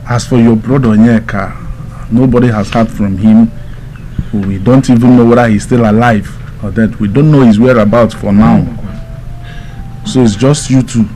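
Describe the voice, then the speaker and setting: A man plays an earnest relative with a Nigerian accent, advising in a low, mellow voice. A faint hiss runs behind. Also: close to an everyday voice, rough recording. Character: serious older relative giving advice.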